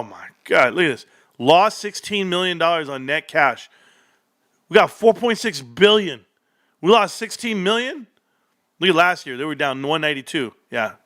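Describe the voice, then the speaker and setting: Man, excitable livestream host, bright forceful voice, dry close sound, reads numbers then shouts. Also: on the high side, no room sound. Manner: excitable, reads figures aloud, jumps to shouts. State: out of breath. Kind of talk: live reaction to earnings report.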